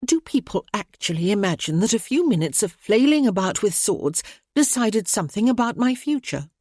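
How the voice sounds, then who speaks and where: A woman voicing a sharp-witted young gentlewoman who answers with poised, spirited retorts. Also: medium pitch, very animated, moderate pace, dry recording, clean studio sound. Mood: indignant.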